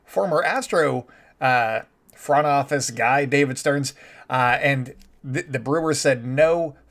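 A man's voice: mid-range voice, takes it slowly, a bit bright. A man giving solo baseball commentary in a chatty, opinionated way, with sarcastic asides.

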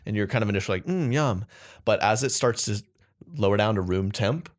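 Low-voiced young man joking around. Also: fast talker. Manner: rambling, jokey, slips into silly put-on accents. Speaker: podcast co-host. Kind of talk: casual comedic chat.

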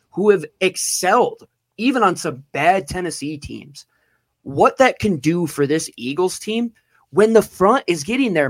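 A man's voice: high-pitched, no room sound. A man co-hosting a sports podcast, talking emphatically and drawing words out for effect. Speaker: podcast co-host.

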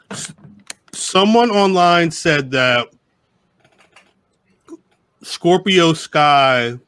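Bright-toned man rambling on a podcast. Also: fairly high pitch, no echo. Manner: rambling, profane, restarts often. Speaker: podcast co-host. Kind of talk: casual live podcast chat.

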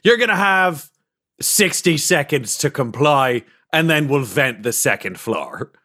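Man playing a defiant rebel leader with a bright voice. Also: a little high, big pitch swings, measured pace, heavily acted. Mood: menacing. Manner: menacing broadcast ultimatum. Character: defiant male rebel leader making demands.

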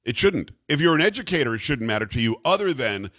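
Animated, incredulous male talk radio host. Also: medium pitch, fast talker, no room sound. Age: middle-aged or older. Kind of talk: casual talk radio chat.

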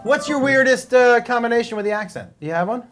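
A man's voice: extremely high pitch, fast talker, over music. A man hosting a casual comedic chat and telling jokey stories. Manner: animated, jokey storyteller. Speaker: podcast host.

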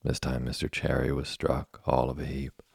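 A man reading a classic children's story aloud as a slow, soft, monotone sleep story. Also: very deep voice, gravelly, husky, dry recording, clean studio sound. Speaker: narrator. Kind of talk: scripted sleep story narration.

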